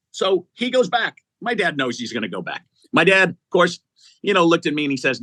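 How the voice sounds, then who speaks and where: Speaking fairly quickly in a high voice, this middle-aged man runs an executive search firm and shares anecdotes as an interview guest. He animates the tale by performing the quoted voices, and the recording is dry.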